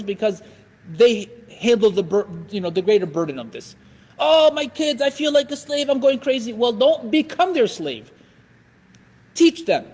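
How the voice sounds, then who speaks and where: A man giving a religious lecture in an animated way, acting out everyday scenes. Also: extremely high pitch. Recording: echoey hall.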